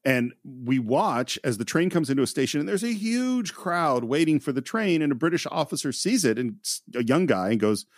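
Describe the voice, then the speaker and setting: Animated man retelling film scenes. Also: medium pitch, moderate pace, few pauses, no room sound, clean studio sound. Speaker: podcast co-host. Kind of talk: casual film discussion.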